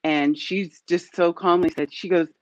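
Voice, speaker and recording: A woman hosting an interview over a video call, telling stories in a lively way and laughing often. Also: on the low side, a little slow, muffled recording. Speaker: host.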